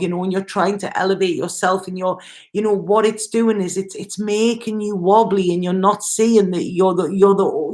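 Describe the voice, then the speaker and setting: Chatty woman giving a tarot reading. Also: medium pitch. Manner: chatty, repetitive, reassuring; addresses viewer directly. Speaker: tarot reader.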